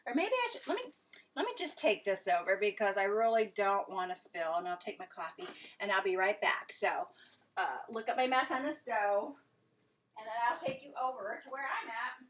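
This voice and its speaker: A woman's voice: medium pitch, lively intonation, moderate pace, a bit bright, a little hiss or hum. A woman chatting casually to camera at home as she eats, rambling and restarting her sentences. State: out of breath. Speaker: vlogger. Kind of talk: casual chat to camera while eating. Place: her home, kitchen and living room couch.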